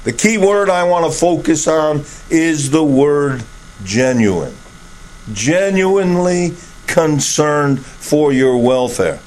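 A man's voice: on the high side, expressive, slow pace, darkish tone, poor audio. A man preaching a sermon, with emphatic, repetitive phrasing and occasional chuckles.

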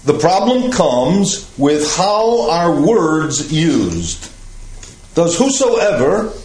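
An older man teaching a Bible class, explaining passages in a slow, measured way. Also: a little high, darkish tone. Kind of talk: Bible study lecture. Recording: echoey room.

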